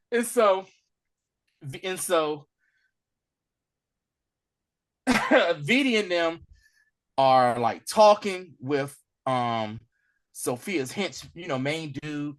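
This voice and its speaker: A man co-hosting a podcast, casually recapping an episode and acting out the characters. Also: on the high side. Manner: animated storytelling, acts out characters. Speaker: podcast co-host.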